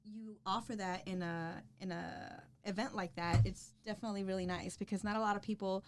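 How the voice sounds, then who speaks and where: A woman's voice: medium pitch, fairly even intonation, a little fast. A woman co-hosting a casual podcast chat, talking earnestly in long run-on explanations. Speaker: podcast co-host and real estate agent.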